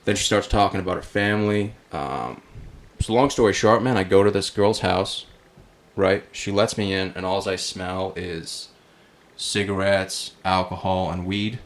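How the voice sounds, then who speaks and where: A man's voice: deep voice, unhurried. A man guesting on a podcast, telling a story in casual chat, swearing freely and calling his host "dude" as he quotes himself. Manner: animated retelling, quoting himself.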